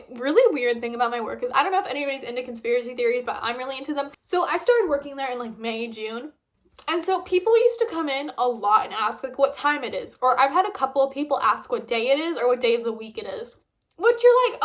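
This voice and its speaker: A woman's voice: high voice, expressive, brisk, a bit bright. A young woman vlogging casually, rambling chattily with lots of fillers while reviewing food.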